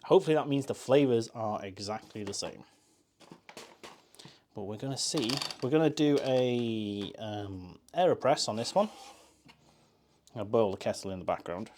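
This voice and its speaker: A man's voice: on the low side, expressive, moderate pace, long pauses, warm tone, a little hiss or hum. A man chatting casually on a live stream, joking and answering chat while he makes coffee.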